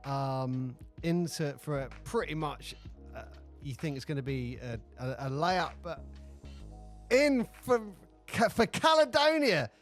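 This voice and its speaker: A man's voice: on the high side, measured pace, soft background music. A man co-hosting a podcast, telling stories with enthusiasm and acting out the lines he quotes. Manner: animated storytelling, acts out quoted lines. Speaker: podcast co-host. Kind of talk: casual chat.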